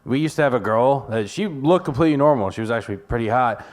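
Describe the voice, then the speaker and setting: A man's voice: mid-range voice, animated, quick pace. A man telling a rambling school story on a live comedy panel, laughing as he goes. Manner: giggly, wandering storyteller. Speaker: comedy podcast host. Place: live venue.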